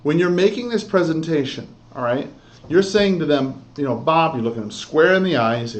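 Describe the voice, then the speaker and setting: A man's voice: fairly high pitch, animated, a little fast. A man giving an emphatic sales training lesson, often checking in with "okay?" and "all right?". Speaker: real estate sales trainer. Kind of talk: instructional talk. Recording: dull lo-fi recording.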